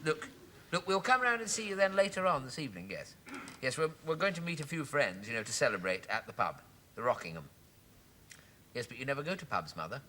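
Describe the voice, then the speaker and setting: An actor playing a fussy, flustered bachelor in a sitcom. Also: male voice, mid-range voice, sing-song, fairly quick, pushed and bright, a little hiss or hum. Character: fussy put-upon young English bachelor. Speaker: office clerk. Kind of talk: sitcom acting.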